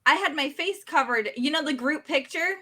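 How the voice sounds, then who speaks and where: A woman in casual podcast chat who jumps in with quick side stories. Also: high-pitched, sharp tone. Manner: chatty, interjects with side stories.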